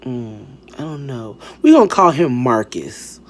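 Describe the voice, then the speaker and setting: A man's voice: medium pitch, very animated, a little slow. A young man telling a casual storytime, sassy and dramatic, swearing freely and acting out the dialogue.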